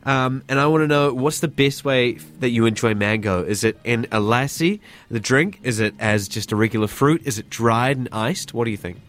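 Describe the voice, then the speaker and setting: A man's voice: mid-range voice, moderate pace, hardly any pauses, a bit bright. A man hosting a casual radio interview, laid-back and slangy, talking into a studio microphone. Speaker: radio host.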